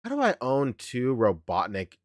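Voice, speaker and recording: A man's voice: medium pitch, huge pitch swings, moderate pace, noisy background. A man co-hosting a podcast in casual chat, joking, swearing and laughing often.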